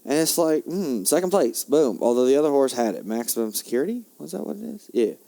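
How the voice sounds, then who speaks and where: A young man hosting a podcast, ranting in a heated, profane monologue that swings between loud outbursts and low muttering. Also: big pitch swings, a little fast, vocal fry. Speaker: podcast host.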